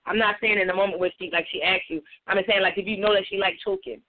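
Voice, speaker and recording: A woman's voice: medium pitch, steady tone. A woman co-hosting a casual radio talk show, giggly and candid, speaking on a tinny phone-like recording. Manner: giggly, candid, fast-talking. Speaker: co-host.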